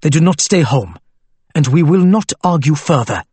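A man voicing a gentle but firm elderly grandfather who speaks softly and patiently. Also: fairly high pitch, animated, husky, no room sound. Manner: soft, measured, patient.

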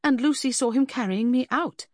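An earnest, distressed young woman, as a woman narrator puts her on, lifting her voice well above the reader's usual low tone. The tone stays a little husky and is recorded close and dry. She sounds tremulous and pleading. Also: moderate pace, a little mellow, dry recording.

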